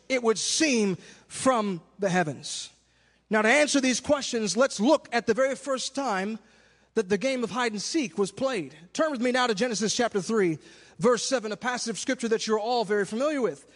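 A male preacher with a very high voice delivers a sermon in a half-sung cadence, swinging between shouted cries and hushed questions. A long reverb from the hall surrounds his words.

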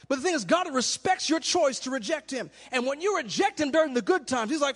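High-voiced preacher in a reverberant hall. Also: male voice, normal speed, few pauses. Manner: animated, acts out little scenes, shouts for emphasis. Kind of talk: sermon.

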